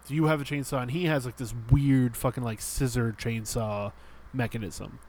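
A man's voice: medium pitch, fairly even intonation, moderate pace, a little mellow. A man co-hosting a casual podcast, explaining a game in a rambling way with many fillers. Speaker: podcast co-host. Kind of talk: casual chat.

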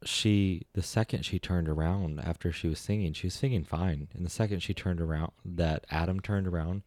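A man's voice: deep voice, moderate pace, darkish tone, no room sound. A man co-hosting a podcast, chatting casually and retelling things he has watched. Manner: chatty, retells clips with quoted voices. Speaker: podcast co-host. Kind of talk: casual chat.

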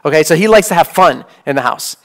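A man's voice: fairly high pitch, animated, fast talker, a bit bright. A man in his thirties, a priest, giving a conversational sermon full of "like" and "okay?". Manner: casual, peppered with "like" and "okay?".

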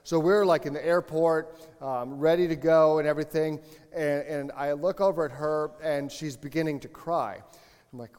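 Male pastor, easygoing sermon delivery, self-correcting, a touch high-pitched, in a reverberant sanctuary. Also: moderate pace, clean tone. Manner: chatty, relaxed, frequent self-corrections and asides. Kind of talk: conversational sermon.

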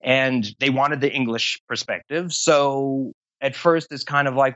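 A man's voice: medium pitch, steady tone, unhurried, hardly any pauses, fairly bright tone, dry recording, lo-fi sound. A man being interviewed about voice acting, talking at length in a rambling, self-deprecating way. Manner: rambling, long-winded, self-deprecating humor. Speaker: voice actor interview guest. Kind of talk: casual interview talk.

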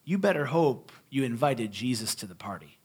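A male pastor preaching in a conversational storytelling style, animated and joking, with emphatic swings between loud and quiet. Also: mid-range voice, normal speed, slightly rough. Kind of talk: storytelling sermon.

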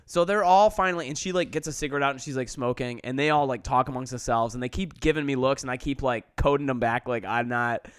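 A man's voice: mid-range voice, fast, few pauses, clean tone, no echo, clean studio sound. Rambling man telling a story. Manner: rambling, many "like" fillers, acts out quotes. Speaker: podcast host. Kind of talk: casual storytelling chat.

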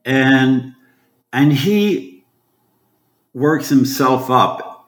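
Brief: lively male guest storyteller, mid-pitched, roomy room sound. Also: drawn-out words. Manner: animated, acts out voices, swears casually. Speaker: actor and guest. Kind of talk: casual anecdote telling.

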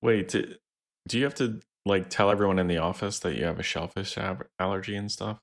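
A man's voice: deep voice, a little fast, gravelly. A man co-hosting a podcast, making dry, playful quips in casual chat. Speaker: podcast co-host.

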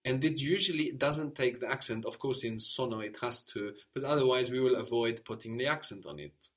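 A man's voice: mid-range voice, animated, brisk, fairly bright tone. A man teaching a language lesson, patiently prompting his student and repeating each answer.

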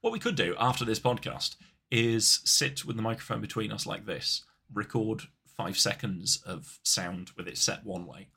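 Guy rambling on a podcast, kinda husky, bright tone. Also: fairly low pitch, lively intonation, moderate pace. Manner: playful, rambling, jokey asides. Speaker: podcast co-host. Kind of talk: casual chat.

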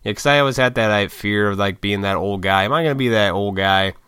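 A man's voice: fairly low pitch, fast talker, bright, forceful tone, clean tone, no echo, studio quality. A man hosting a podcast alone, rambling casually with lots of swearing and laughs. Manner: rambling, profane, laughs often. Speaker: podcast host. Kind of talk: casual solo monologue.

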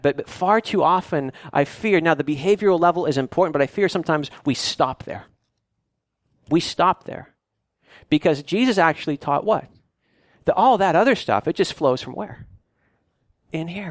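A man's voice: on the high side, dry recording. A man preaching a sermon as pastor, earnest and often repeating and restarting his words.

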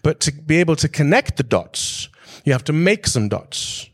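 A man's voice: fairly high pitch, lively intonation, normal speed. A man giving a business presentation in a direct, conversational way. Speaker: speaker giving a business talk.

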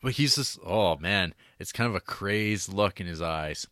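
A man chatting casually about a film as a podcast co-host, animated and laughing as he acts out lines. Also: deep voice, unhurried, no room sound, studio quality. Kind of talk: casual chat.

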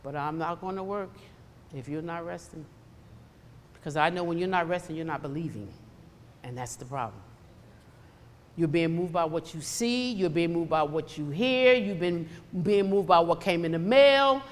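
A woman's voice: on the low side, normal speed, a little hiss or hum. A woman preacher delivering a sermon, emphatic and repetitive, acting out the voices she quotes. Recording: long hall reverb.

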